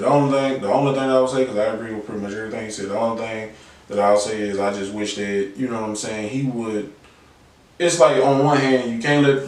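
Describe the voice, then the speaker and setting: A laid-back man in casual sports chat, easygoing and slangy, at a middle pitch. He is heard from back off the mic, and a hard, roomy echo hangs on every phrase. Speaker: podcast co-host. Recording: echoey room, mic at a distance.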